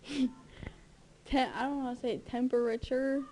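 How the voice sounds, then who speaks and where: A teenage girl being interviewed, saying words out loud in a giggly way. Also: sits high, steady tone, slow pace, pauses often, slight background noise. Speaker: interviewed student.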